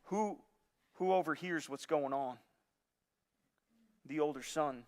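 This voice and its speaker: Man, pastor, animated sermon storytelling, high pitch, long reverb. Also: slow, slight background noise. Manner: animated storytelling with repeated restarts.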